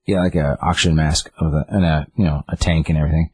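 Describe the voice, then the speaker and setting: A man casually recapping a plot, rambling and peppering his talk with quoted lines. His voice sits very low and is somewhat husky. The sound is dry and close to the mic. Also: fairly even intonation, fast talker, darkish tone, dry recording. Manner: rambling, with many fillers and "he's like" quotes.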